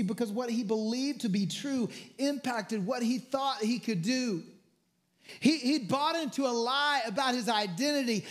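A man preaching a sermon as pastor, earnest and stumbling into restarts, acting out the quoted lines. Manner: acts out quoted lines with rising pitch.

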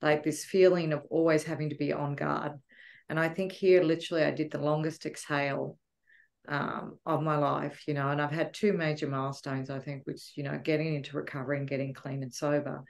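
A woman giving a heartfelt, emotional testimonial about a retreat, often pausing to search for words. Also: sits low, little pitch movement, gravelly. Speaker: retreat guest.

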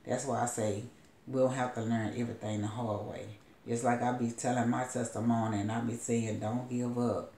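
Woman preacher with a gravelly, creaky voice, rambling storyteller, roomy echo. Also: rumbling low, flat delivery, fairly quick, dark tone. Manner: loose rambling storytelling with asides. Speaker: prophetess. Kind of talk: retelling a story as a sermon.

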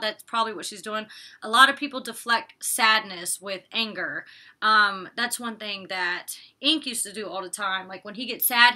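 Bright-voiced, chatty young woman vlogger. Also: medium pitch. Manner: chatty and opinionated, recaps scenes with quoted lines, curses casually. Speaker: reality show reviewer. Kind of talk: casual recap vlog.

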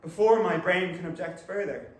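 A young man from the West of Ireland with an Irish accent, performing a comic stage monologue, animated and exclaiming as he jumps between inner voices. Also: sits high, normal speed. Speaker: actor. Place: theatre stage. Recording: echoey live stage recording from far off, noisy.

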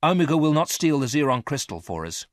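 A man's voice: on the high side, sing-song, fast talker, dry recording, studio quality, voice pushed up. A man reading aloud, voicing an earnest male safecracker who explains a heist plan step by step. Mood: instructive.

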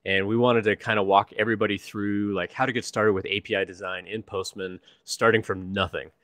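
A man from the United States hosts a casual live stream over a video call. His voice sits low, and he chats in a friendly way with frequent fillers. The sound is dry and close. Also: level tone, brisk, a bit bright, dry recording. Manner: friendly, chatty, many fillers. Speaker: host, developer advocate.

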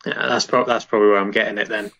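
A man co-hosting a podcast, chatting casually, laughing easily and cracking quick jokes. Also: on the low side, level tone, a bit bright. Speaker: podcast co-host. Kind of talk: casual chat.

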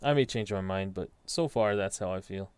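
A man's voice: low-pitched, moderate pace, a little mellow, clean tone, dry recording. A young man casually talking through his tabletop soccer simulation, thinking aloud as he reads off dice results. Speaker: tabletop soccer sim host. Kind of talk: casual solo commentary.

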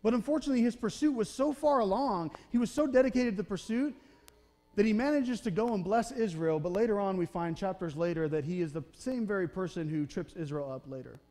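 A man's voice: high voice, fairly quick, warm tone. A man preaching a conversational sermon in a church. He keeps checking in with the congregation and briefly acts out the voices of the people in the story. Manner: conversational preaching, often checking in with "okay? right?"; acts out the Bible characters' voices in short quotes. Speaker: pastor. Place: church sanctuary.

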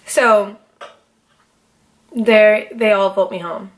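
A young woman hosting a podcast, telling a story in a casual, profane and animated way, with dramatic outbursts. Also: medium pitch, moderate pace. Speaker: podcast host.

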